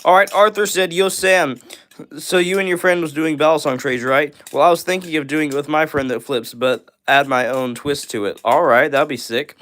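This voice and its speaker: A man's voice: a little high, fairly even intonation, moderate pace, a bit bright. Upbeat young man chatting on a live stream. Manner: friendly, upbeat, says "bro" and "all right" a lot. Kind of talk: casual live stream chat reading comments.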